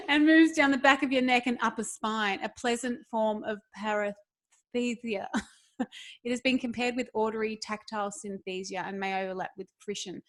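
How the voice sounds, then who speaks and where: A woman's voice: on the high side, steady tone, moderate pace, fairly bright tone. A young woman co-hosting a podcast, chatting casually, giggling and rambling, stumbling as she reads facts aloud. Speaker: podcast co-host. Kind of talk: casual chat.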